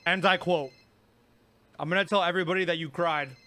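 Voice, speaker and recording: A young man reacting to a clip with quick, exasperated, defensive interjections. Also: fairly high pitch, steady tone, bright, forceful tone. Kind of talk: reaction commentary.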